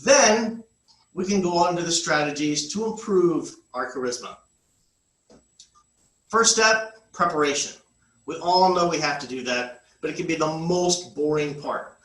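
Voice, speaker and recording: A man leads a class for real estate agents in an echoey room, his voice a little higher than most and bright and forceful. He talks in an upbeat, conversational way and drops in "uh" as he goes. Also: normal speed. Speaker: instructor.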